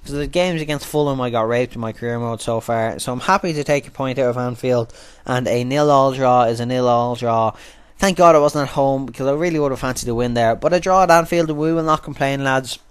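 A man runs through his football game results in a loose, rambling commentary, dropping swear words as he goes. His voice is smooth and clean. The sound is dry, with no room around it. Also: medium pitch, fairly quick, no room sound. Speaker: gaming commentator. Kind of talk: casual gameplay commentary voice-over.

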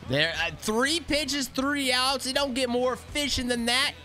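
A young man giving excited live commentary while playing a baseball video game, talking to his players on screen. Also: very high voice, measured pace, soft background music. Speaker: gaming YouTuber.

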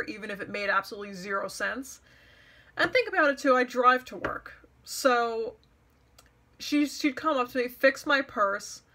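A woman's voice: fairly high pitch, bright, forceful tone. A young woman telling a personal story to camera in an exasperated, sarcastic rant. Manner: exasperated, sarcastic, mocks others' words. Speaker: vlogger.

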